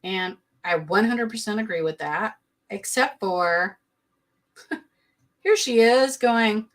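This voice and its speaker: A woman's voice: medium pitch, a bit bright. Woman host, sassy and blunt, casual live-stream commentary. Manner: sassy, blunt, quick to laugh. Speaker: reality TV recap host.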